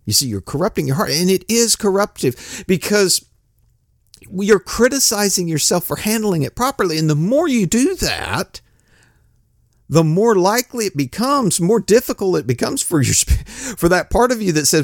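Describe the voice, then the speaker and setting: A man giving an informal, blunt, plain-spoken sermon, swinging between loud outbursts and low mutters. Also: very animated, normal speed, no room sound, studio quality. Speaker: preacher.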